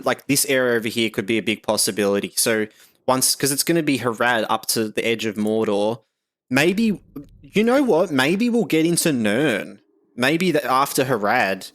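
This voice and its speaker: A man's voice: fairly low pitch, fairly bright tone. A man from Australia with an Australian accent, chatting casually on a livestream in a rambling, laid-back way with lots of fillers. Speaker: streamer.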